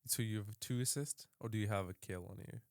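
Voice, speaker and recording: A man hosting a podcast, asking his guest questions in a measured, careful way. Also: on the low side, darkish tone, dry recording, studio quality. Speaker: podcast host. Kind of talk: interview questions.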